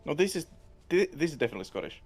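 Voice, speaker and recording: A man's voice: on the high side, big pitch swings, very fast, faint music behind. A man chatting casually on a game stream, easygoing and agreeable, often repeating himself.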